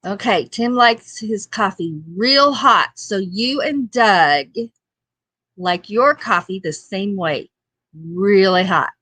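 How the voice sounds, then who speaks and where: A woman's voice: medium pitch, takes it slowly, bright, forceful tone, dry recording. A woman hosting a casual livestream chat show, reading viewer comments in a homey, chatty way and laughing often. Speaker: livestream talk show host.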